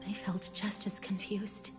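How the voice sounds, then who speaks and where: A woman voicing a sorrowful young woman cursed with a deadly touch, speaking in a breathy, resigned whisper as whispered role-play, soft and mournful. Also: mid-range voice, flat delivery, a little slow, lightly acted. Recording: long game reverb with music beneath.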